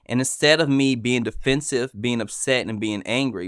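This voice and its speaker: A man's voice: medium pitch, normal speed, fairly bright tone, clean tone, no room sound, clean studio sound. A man hosting a podcast, chatting casually in an earnest, reflective way. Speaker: podcast host. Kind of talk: casual chat.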